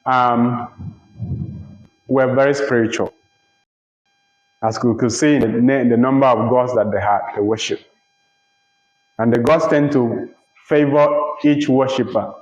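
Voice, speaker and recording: A man teaching a literature lecture, explaining slowly and deliberately, repeating phrases and checking that listeners follow. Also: medium pitch, darkish tone. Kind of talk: recorded lecture. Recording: roomy, dull lo-fi recording.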